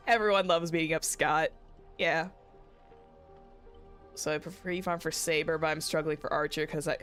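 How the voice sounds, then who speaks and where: Low-pitched but fairly bright in tone, a young woman streams a game as a VTuber. She reads the story's dialogue out loud, joking around and giggling with her audience.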